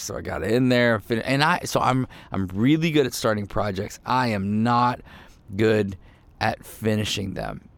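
Casual, low-voiced male pastor. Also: moderate pace. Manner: conversational, self-deprecating, many fillers and restarts. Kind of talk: casual podcast sermon.

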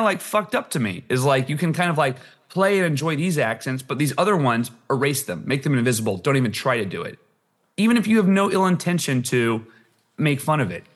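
Podcast host, man, animated and rambling, pitch jumps around, mid voice. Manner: animated, rambling, laughs often. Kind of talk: casual chat.

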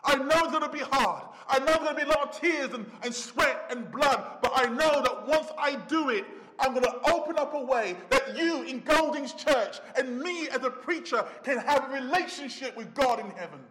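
A man preaching a sermon in a church, dramatic, swinging between shouts and hushed low phrases. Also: expressive, moderate pace. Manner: dramatic, rising to shouts and dropping to near whispers. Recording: echoey church hall.

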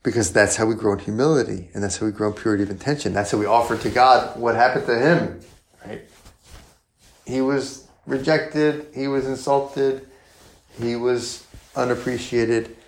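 Preaching at an ordinary pace with a medium-pitched voice, this priest keeps his sermon conversational. Rhetorical questions come up frequently, usually followed by "right?"

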